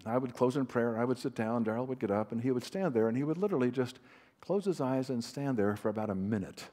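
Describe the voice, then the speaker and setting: A man's voice: medium pitch, fast talker, dark tone. Man telling stories in a conference talk. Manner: storytelling, self-deprecating humor; conversational, with fillers and restarts. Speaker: Christian author and counselor speaking at a conference. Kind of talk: anecdotal teaching talk. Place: large hall with a live audience.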